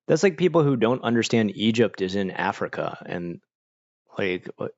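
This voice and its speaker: Livestreaming from a room at home, this young Floridian reads chat aloud and responds, peppering his talk with fillers. He's chatty and gets animated quoting others, speaking at a moderate pace in a fairly low voice. The recording lacks echo and sounds dull.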